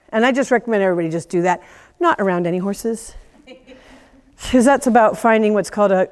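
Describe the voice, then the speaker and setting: A woman teaching a class of horse owners, animated, laughing often and acting out quoted voices. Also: mid-range voice, in a large hall. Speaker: horse trainer giving a lecture. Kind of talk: lively teaching talk.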